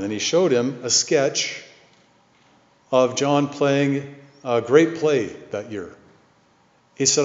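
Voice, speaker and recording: A man preaching a sermon, telling a story in an earnest, measured way. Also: on the high side, animated. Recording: echoey hall, dull lo-fi sound.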